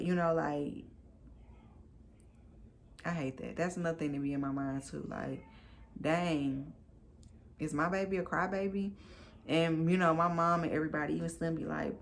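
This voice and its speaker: A woman's voice: lowish voice, creaky. A woman in her thirties, a new mom telling her story to camera in a candid, chatty, emphatic way.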